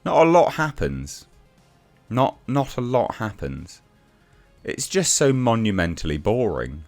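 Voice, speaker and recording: A man ranting through a TV review in a blunt, exasperated way, tripping over restarts and swearing freely. His voice sits fairly low but swings widely in pitch, with faint music playing underneath. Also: very animated, unhurried, a little mellow. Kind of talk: casual review rant.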